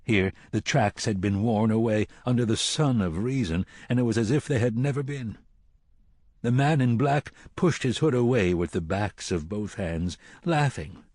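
A man narrating a novel as an audiobook in a measured, solemn storytelling manner. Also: lowish voice, darkish tone, dry recording, clean studio sound. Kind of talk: scripted narration.

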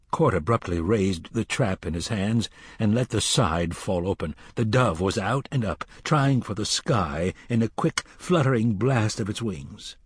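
Male audiobook narrator: low, husky, measured and dramatic; dry studio sound. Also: lively intonation, dry recording.

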